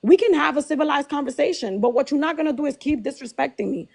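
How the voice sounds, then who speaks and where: A woman's voice: high-pitched, quick pace, vocal fry, darkish tone. A woman on a live debate panel, arguing indignantly and repeating her points for emphasis. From Hispanic background.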